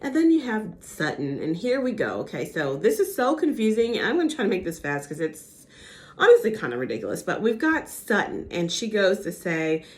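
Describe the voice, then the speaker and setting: A young woman recapping a reality TV episode in casual gossip chat, animated and acting out the cast's lines. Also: medium pitch, normal speed. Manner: animated, acts out quotes with impressions.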